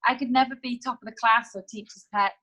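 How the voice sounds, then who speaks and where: Female podcast co-host, slightly high voice, teasing and conversational. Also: fairly even intonation, fast, bright, forceful tone. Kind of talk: casual chat.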